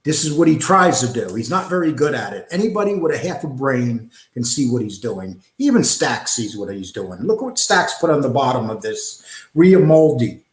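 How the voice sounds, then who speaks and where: A man's voice: mid-range voice, big pitch swings, normal speed, hardly any pauses. A man hosting reaction commentary in a scornful, dismissive way. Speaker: commentary channel host. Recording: echoey room.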